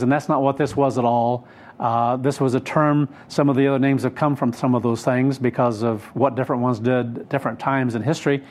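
A male preacher explaining a scripture passage to his congregation. He speaks in an unhurried, emphatic way, with plenty of ums and restarts. His voice sits at a middle pitch. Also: darkish tone. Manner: unhurried, emphatic storytelling with many fillers. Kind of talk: sermon.

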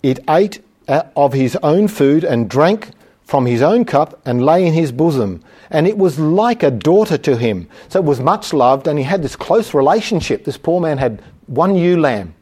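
A man preaching a sermon, reading scripture slowly with emphasis and then explaining it in plain conversational talk, with the odd chuckle. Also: a little high, big pitch swings, a little mellow, slightly rough.

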